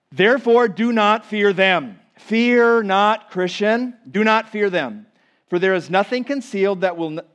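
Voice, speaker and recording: Man, pastor, high voice, sermon, loud-to-hushed dynamic preaching, church. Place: church sanctuary.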